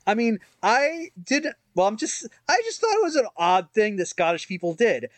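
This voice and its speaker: A man's voice: high-pitched, very animated, normal speed, no echo. A man co-hosting a podcast in casual chat, rambling and self-mocking with lots of fillers and restarts. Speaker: podcast co-host.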